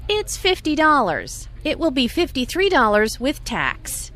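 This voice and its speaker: A woman's voice: high-pitched, huge pitch swings, a little slow, fairly bright tone, full character voice. A woman playing a helpful clothing shop assistant in a scripted learning dialogue, speaking politely.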